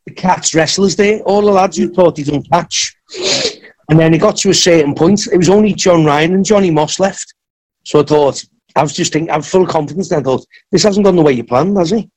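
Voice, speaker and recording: A man telling a long wrestling story in a podcast interview, acting out what others said in lively bursts. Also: a little high, fairly quick. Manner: animated anecdotes, acts out others' lines. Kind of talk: casual storytelling.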